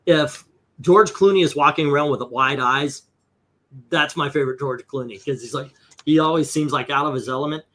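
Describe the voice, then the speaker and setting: Comics host, man, bright tense voice, loose rambling chatter, swears often. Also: a little high, moderate pace. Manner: rambling, profane, lots of fillers. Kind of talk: casual livestream chat.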